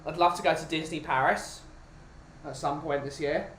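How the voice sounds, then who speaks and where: A man's voice: a little high, steady tone, normal speed, noisy background. A man from the UK chatting casually as a podcast host, rambling and restarting his sentences. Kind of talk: casual chat. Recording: roomy with music behind.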